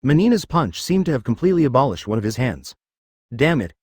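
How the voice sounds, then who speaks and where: A man's voice: mid-range voice, big pitch swings, fast, darkish tone, no room sound, clean studio sound. A man reading a web novel aloud as narrator, dramatic with stiff translated phrasing.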